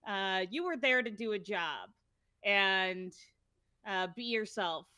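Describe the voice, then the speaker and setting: A woman's voice: mid-range voice, lively intonation, slow, sharp tone, clean tone, dry recording. A woman hosting an interview, laughing easily and asking a long question full of fillers. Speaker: interviewer, summit host. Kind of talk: conversational interview.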